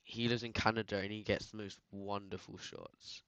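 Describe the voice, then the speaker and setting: A man's voice: fairly low pitch, little pitch movement, normal speed, creaky, a bit bright, clean tone, no room sound. A man with a British accent chatting casually while editing photos, rambling and slangy, full of filler words. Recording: dull, dry lo-fi sound.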